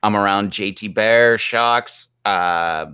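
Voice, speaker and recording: A man with a Pittsburgh accent hosts a relaxed live stream, chatting casually and breaking into laughs. His voice sits a little low but sounds bright and forward. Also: takes it slowly, smooth. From Pittsburgh, US East Coast. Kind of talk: casual chat.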